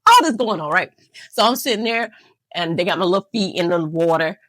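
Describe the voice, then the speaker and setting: A woman's voice: lowish voice, fairly quick, no room sound. A woman vlogger telling a rambling, self-mocking story to camera, laughing often. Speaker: nail channel vlogger.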